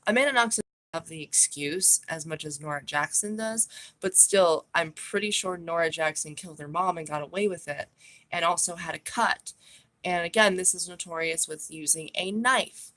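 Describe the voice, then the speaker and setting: A woman's voice: fairly low pitch, bright, forceful tone. A woman vlogging a true crime monologue, blunt and profane, with a scornful, opinionated way of talking.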